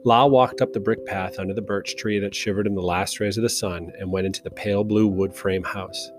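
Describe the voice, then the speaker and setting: A man reads a novel aloud as a narrator, in a slow, measured style. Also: fairly low pitch, fairly even intonation. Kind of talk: audiobook narration. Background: soft guitar music.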